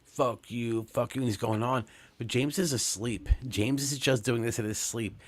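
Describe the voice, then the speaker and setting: A man's voice: medium pitch, normal speed, no room sound. A man in his forties from Long Island, telling a rambling, profane story on a comedy podcast, full of fillers and restarts. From Long Island, New York. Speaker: podcast co-host.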